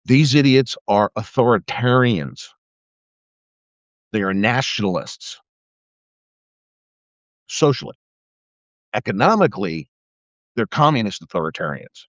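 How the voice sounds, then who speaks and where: With long pauses and a measured pace, a middle-aged former cop hosts a live video and delivers an expressive, profane, sarcastic political rant, using mocking put-on voices. His pitch is medium, and the phone or webcam audio is dull and dry with no echo.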